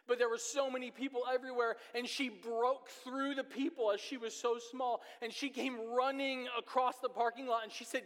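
A pastor preaching a sermon, telling a personal story in earnest, with his pace speeding up and slowing down. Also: extremely high pitch, fairly even intonation, a bit bright. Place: church sanctuary. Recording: long reverb of a church hall.

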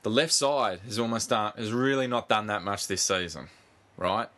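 Aussie guy on a footy podcast, lowish voice, swears a lot, talks over his mate. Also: moderate pace. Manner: animated, swears freely, talks over interruptions. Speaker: podcast co-host. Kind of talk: casual sports chat.

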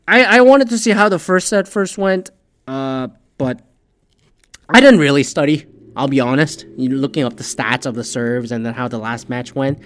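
A man in a casual, profane, self-mocking monologue, dropping to mumbles and then bursting out loud. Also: mid-range voice.

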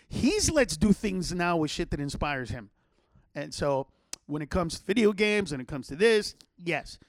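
A middle-aged man with a notably high voice tells a story in a casual podcast chat. He swears freely and rambles through restarts. The sound is close and dry, with no room around it. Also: no echo. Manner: profane, animated, rambling with restarts. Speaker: comedian podcast host.

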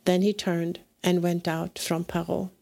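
Woman reading bible passages real slow, kinda low voice, lots of vocal fry. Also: little pitch movement, darkish tone. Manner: measured, deliberate reading. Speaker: scripture reader.

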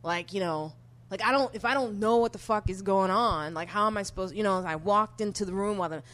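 A woman with a New York accent tells a story in a loose, animated way, dropping to quiet asides and then getting loud. Her voice sits in a middle pitch. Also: a little fast. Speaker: comedian guest. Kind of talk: casual storytelling chat.

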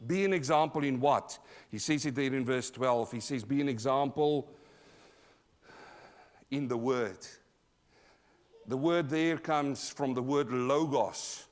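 A man with an Australian accent preaching a sermon live in church, emphatic, calling out to the congregation, swinging from loud to quiet. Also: on the high side. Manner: emphatic, call-and-response preaching. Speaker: pastor.

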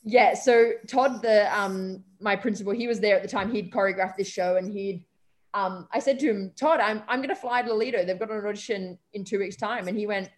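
This young Australian woman, an interview guest and stage performer, tells stories casually in a mid-range voice at a slightly fast pace. She's chatty and lively, acting out the voices of people she quotes and saying "um" and "like" a lot.

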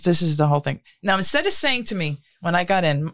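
A woman's voice: medium pitch, fairly quick, hardly any pauses, no echo, studio quality. A middle-aged woman, telling a long story in casual chat and acting out what others said. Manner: animated storytelling, acts out quotes.

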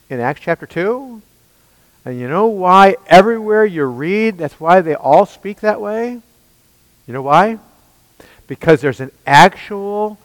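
A man preaching a sermon in an emphatic way, asking his listeners rhetorical questions and swinging between loud and hushed passages. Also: a little high, dry recording, rough recording.

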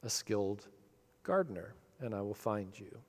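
A patient, protective mother rabbit, as a man reads her in a storybook. She speaks softly and low, gentle and sure. Long hall reverb hangs behind every word. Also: lively intonation, moderate pace, breathy edge. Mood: tender.

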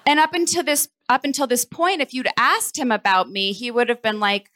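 A woman performing a comic personal story on stage, animated and self-mocking, speeding up in breathless rushes. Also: fairly high pitch. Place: festival stage.

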